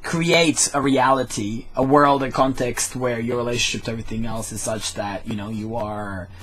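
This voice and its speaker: A man's voice: mid-range voice, steady tone, normal speed, fairly bright tone, slightly rough. A man in a casual support group talk, reflective and hesitant, feeling his way through ideas.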